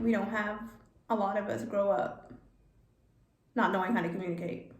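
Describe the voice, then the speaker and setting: A woman telling a personal story in a vlog, halting and repeating words, getting emotional. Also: mid-range voice, fairly even intonation, reverberant. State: emotional, near tears. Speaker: vlogger.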